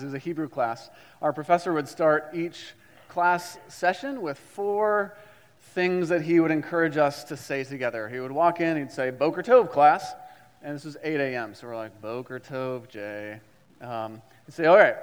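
A man's voice: on the high side, smooth, long reverb tail. A man preaching a sermon as a pastor, reading scripture and leading the congregation in call-and-response with repetition.

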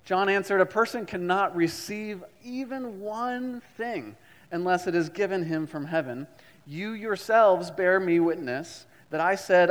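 A man's voice: high-pitched, big-room sound. A man preaching a sermon as a pastor, reading scripture and leading the congregation in call-and-response with repetition.

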